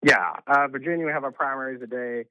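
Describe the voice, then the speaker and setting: A man calling in as a political commentator, speaking brisk and emphatic with frequent fillers over a phone line. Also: mid-range voice, no room sound.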